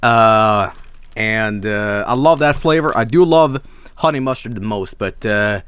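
A man's voice: on the low side, measured pace, a bit bright, clear, resonant tone, no room sound. A man from Sweden, hosting a casual snack review stream, enthusiastic and rambling, swearing freely. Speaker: streamer host.

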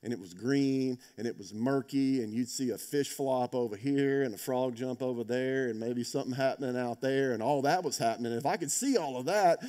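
A man preaching a sermon in a warm, mellow voice. He tells stories conversationally, checks in with his listeners, and swings from loud emphatic peaks down to hushed, intense passages. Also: medium pitch, fairly quick, few pauses. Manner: conversational, asks "right?". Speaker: pastor.

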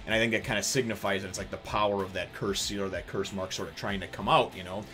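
A man in his thirties, casually reviewing a manga chapter, rambling and animated, with lots of fillers and some swearing. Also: lowish voice, quick pace, faint music behind.

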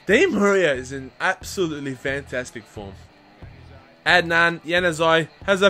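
Excitable young British gaming commentator. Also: male voice, on the high side, a little slow, faint music behind. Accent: British English. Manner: excitable, cheers and shouts at chances and goals; chatty slang, talks straight to viewers. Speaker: gaming channel host. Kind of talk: live commentary over a football video game.

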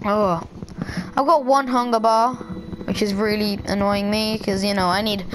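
A woman's voice: mid-range voice, fairly even intonation, moderate pace. Rambling young woman playing a game. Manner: rambling, giggly, crude jokes, talks to herself. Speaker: gameplay commentator. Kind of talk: casual let's-play commentary.

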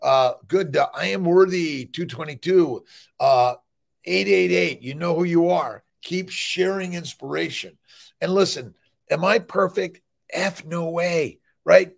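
Gravelly-voiced man, emphatic and rambling. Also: fairly high pitch, unhurried. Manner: emphatic, rambling, peppered with "listen" and "right?"; profane, blunt. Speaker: fertility doctor hosting a morning livestream. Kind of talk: energetic motivational monologue.

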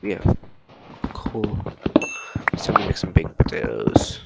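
A man giving excitable let's-play commentary on a survival game, swearing often and talking to his chat. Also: low voice, measured pace, creaky, noisy background. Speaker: gaming streamer. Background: background music.

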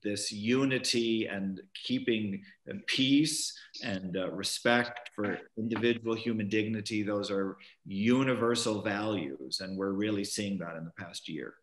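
A man's voice: lowish voice, a little slow, few pauses. A man, a professor and commentator, giving unscripted webinar remarks over a video call, hesitant with many fillers and restarts. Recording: roomy video-call audio.

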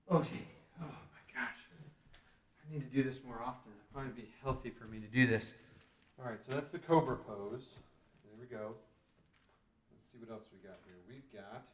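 A mid-range male voice belongs to a dad reading his kids a storybook and attempting each pose as he goes. He's goofy throughout, groaning and joking in this playful storytime with exercises. The distant mic catches roomy echo, with his voice a bit off-mic.

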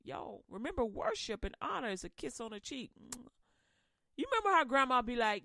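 A woman hosts a podcast and retells a Bible story as comedy, playful and preachy. Her voice is fairly high and swoops all over. The sound is dry and close. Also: sing-song, brisk, vocal fry, pushed and bright, dry recording. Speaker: radio podcast host.

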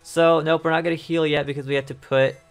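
A man commentating his own video game run in a casual, rambling way, often repeating himself as he thinks aloud. His voice is wearing thin and going hoarse. Faint game music sits behind him. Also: fairly high pitch, little pitch movement, fast. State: losing his voice. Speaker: let's play host.

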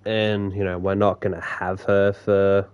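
A young man streaming a game, chatting casually with viewers in a rambling, relaxed way, swearing now and then and restarting his sentences. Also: low-pitched, a little slow, smooth, lo-fi sound. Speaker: gaming streamer. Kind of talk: casual live-stream chat while gaming.

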